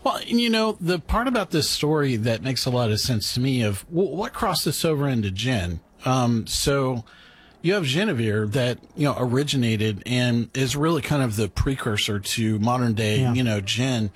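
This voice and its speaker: Male host, husky voice, loose rambling conversational delivery. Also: mid-range voice, lively intonation, normal speed. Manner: loose, rambling talk with many fillers and restarts. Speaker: host of a drinks show. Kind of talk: casual chat.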